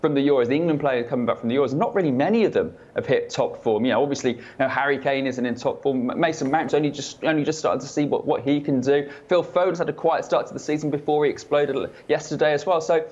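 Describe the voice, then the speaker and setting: A man chatting as a football reporter on a panel, animated and joking, with emphatic points. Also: medium pitch, fast, hardly any pauses, muffled recording. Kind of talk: studio panel chat.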